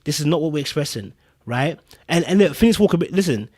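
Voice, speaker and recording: A man gives casual podcast commentary in a fairly high voice. He talks emphatically, repeats himself for weight and keeps checking that his listeners follow. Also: lively intonation, fairly quick, darkish tone, husky. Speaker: podcast host.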